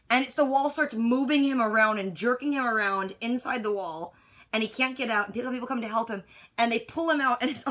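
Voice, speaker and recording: A woman with a slightly high voice rants casually about a movie, rambling and exasperated. She fills her talk with "like" and restarts as she piles up complaints. Her own side of a phone call is recorded on a device. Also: fairly bright tone. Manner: exasperated, rambling, heavy use of "like". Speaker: movie recap vlogger. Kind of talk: casual ranting movie recap.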